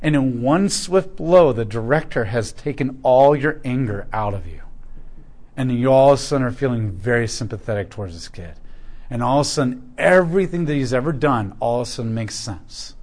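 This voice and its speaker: A man's voice: mid-range voice, lively intonation, moderate pace, a little mellow. A male pastor preaching a sermon in a conversational, storytelling way, putting questions to the congregation.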